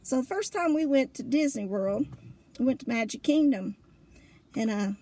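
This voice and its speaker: A woman telling a funny personal story in a lively, colloquial way, laughing often between lines. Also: high voice, moderate pace. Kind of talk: casual spoken storytelling.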